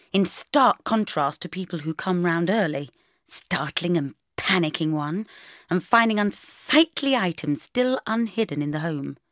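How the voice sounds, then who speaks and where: Lively woman narrating an audiobook. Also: lowish voice, no room sound, clean studio sound. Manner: lively, wry diary-style delivery. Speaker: audiobook reader. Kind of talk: first-person novel narration.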